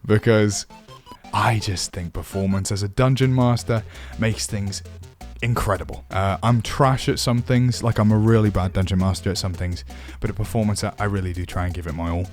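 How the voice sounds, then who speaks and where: A man's voice: on the low side, moderate pace. Chatty man with faint music. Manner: self-deprecating, animated, chatty. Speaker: dungeon master teaching voice acting. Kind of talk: casual tutorial.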